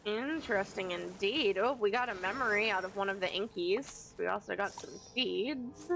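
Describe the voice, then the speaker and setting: A woman's voice: medium pitch, normal speed, vocal fry, a bit bright, slight background noise, rough recording. A woman streaming a game, chatting casually and reading the dialogue aloud with amusement. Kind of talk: casual gameplay commentary.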